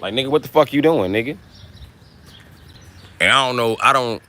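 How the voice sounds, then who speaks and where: A man's voice: mid-range voice, lively intonation, normal speed, pushed and bright. A man hosting a livestream who rants in a profane, combative way in casual talk. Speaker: livestream host.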